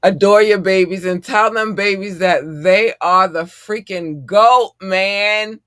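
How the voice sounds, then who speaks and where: A middle-aged man hosting a casual podcast chat, animated and profane and quick to laugh. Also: high voice, smooth, dry recording, clean studio sound. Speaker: podcast host.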